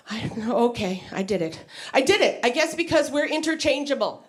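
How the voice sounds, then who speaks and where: A woman comedian telling stories on stage in an animated stand-up delivery. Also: fairly quick. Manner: animated storytelling with wide pitch swings.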